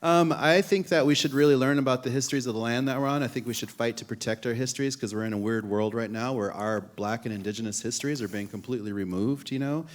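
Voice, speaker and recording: A man's voice: mid-range voice, quick pace, hardly any pauses. A man in his fifties, a chef speaking earnestly as a panel guest on an auditorium stage. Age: 50s. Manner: earnest, uses "you know" often. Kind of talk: panel conversation.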